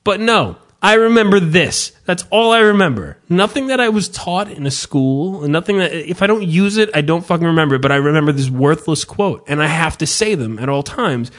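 A man's voice: fairly high pitch, fairly quick, hardly any pauses. A man in his thirties, a podcast host in casual profane chat, mock-ranting. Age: 30s. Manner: animated, swearing, mock-ranting.

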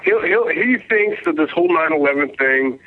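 A man's voice: on the high side, lively intonation, moderate pace, slight background noise. A Southern man from Texas calling into a radio show, telling stories in casual, profane chat. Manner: profane, storytelling with mocking quotes. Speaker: caller. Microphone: phone line. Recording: lo-fi phone-in audio.

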